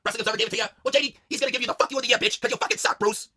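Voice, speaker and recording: A man's voice: very high-pitched, steady tone, racing, sharp tone, dry recording, clean studio sound, pitched above the performer's own voice, full character voice. A man playing a furious wrestler who feels cheated, ranting and cursing nonstop. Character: furious cheated male wrestler, foul-mouthed.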